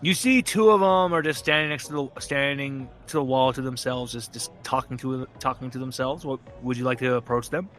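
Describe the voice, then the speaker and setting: A man's voice: mid-range voice, brisk, few pauses, fairly bright tone, faint music behind. A man narrating as game master in a casual, rambling way, swearing and laughing often.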